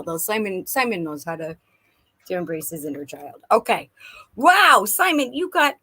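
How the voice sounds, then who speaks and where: A woman giving a playful live tarot reading, animated and quick to laugh. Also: on the low side, breathy edge. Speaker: tarot and oracle card reader. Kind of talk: live-stream card reading.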